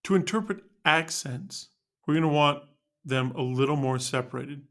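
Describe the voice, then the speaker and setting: A man's voice: a little high, moderate pace, fairly bright tone. A man teaching band students how to end notes, narrating a scripted lesson in an upbeat, explanatory way.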